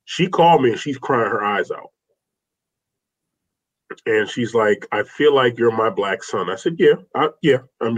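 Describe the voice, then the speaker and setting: An interview guest with a husky mid-range voice tells personal stories in an earnest, meandering way. He keeps restarting and says "man" often, and the recording has a slightly dull lo-fi quality.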